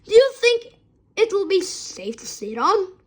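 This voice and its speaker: A woman voicing a crowd of excited young children in a storybook reading, squealing and eager. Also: extremely high pitch, unhurried, voice pushed up, full character voice.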